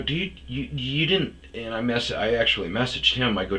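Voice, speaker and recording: A man's voice: sits low, moderate pace, hardly any pauses, pushed and bright. A man telling a rambling personal story in a casual, profane monologue, raising his voice when he mimics other people. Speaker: storyteller host.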